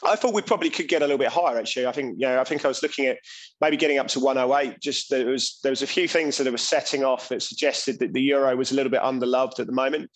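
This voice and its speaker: A man's voice: mid-range voice, quick pace, rough recording. Man cohost going over charts, lots of ums, medium voice, chatty. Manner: hesitant, many ums and restarts. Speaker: co-host of trading show. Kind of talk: casual market chat. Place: home.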